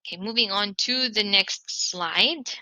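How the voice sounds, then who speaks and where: A woman with a very bright, crisp voice teaching an online English pronunciation lesson. She speaks clearly and encouragingly and slowly repeats the example words. The sound is close and dry, with no room echo. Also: medium pitch.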